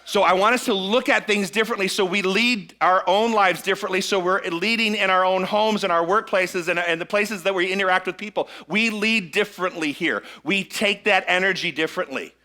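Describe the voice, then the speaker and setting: A man's voice: high voice, fairly quick, few pauses, bright, forceful tone. A middle-aged male minister preaching a sermon to a live congregation, often checking in with them and leading them in call-and-response. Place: church sanctuary with a live congregation.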